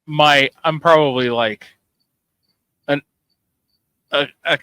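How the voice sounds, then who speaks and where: A man co-hosting a casual podcast, telling a profane, animated story and acting out the dialogue. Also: a little high, takes it slowly, smooth, no room sound, low-quality recording. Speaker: podcast co-host.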